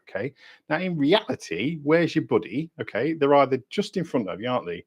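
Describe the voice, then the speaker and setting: A British man hosting a diving channel's livestream Q&A, talking bluntly in sweary, matey banter with lively swings in pitch and loudness. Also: fast talker, slightly rough. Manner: animated, lively ups and downs in pitch and loudness.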